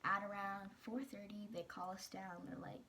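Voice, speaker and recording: A teenage girl talks straight to the camera, telling her own story in a candid, rambling way full of "um" and restarts. Her voice sits at a middle pitch, and faint background noise runs under it. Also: little pitch movement, normal speed, sharp tone. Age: teens. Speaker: vlogger. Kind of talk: personal storytelling vlog.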